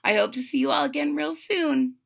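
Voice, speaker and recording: A woman reading a children's picture book aloud as a channel host, pausing to explain the pictures. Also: sits high, vocal fry. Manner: slow, gently explaining the pictures. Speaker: storybook read-aloud host.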